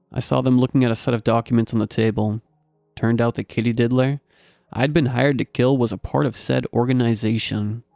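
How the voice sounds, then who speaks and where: Male horror-story narrator: wry scripted delivery, low pitch, dry close sound. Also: gravelly, a little mellow, no room sound.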